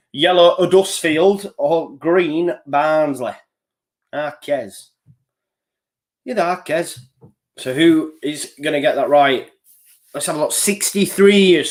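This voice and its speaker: A man runs a live quiz and chats easily between questions. He lists the answer options in a steady rhythm and laughs off his own slips. His voice sits a little high for a man. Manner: chatty, reads answer options in a steady list; loose and self-deprecating, with small slips. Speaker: quiz host. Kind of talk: live online quiz hosting.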